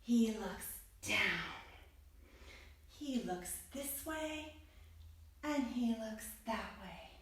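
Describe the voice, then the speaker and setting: Slow, gentle woman telling a kids' story. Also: fairly high pitch. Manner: playful, greets the listener with bright rising calls. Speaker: kids yoga teacher. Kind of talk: storytelling for children. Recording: roomy echo from far off.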